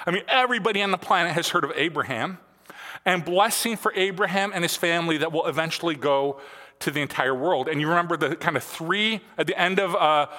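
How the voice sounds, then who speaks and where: A man's voice: on the high side, bright, forceful tone, big-room sound. A man in his forties preaching a sermon in a church, telling stories casually with lots of fillers. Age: 40s. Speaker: pastor. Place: church sanctuary.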